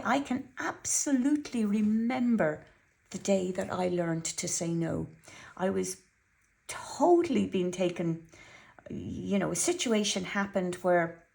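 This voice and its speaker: A woman's voice: mid-range voice, expressive, unhurried, creaky. A woman giving an earnest, chatty weekly tarot reading and telling a personal story, often repeating herself. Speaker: tarot reader.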